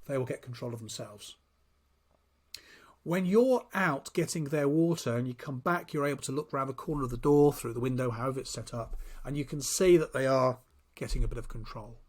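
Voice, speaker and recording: Man, workplace trainer, direct lecturing, acts out example lines, slightly high voice.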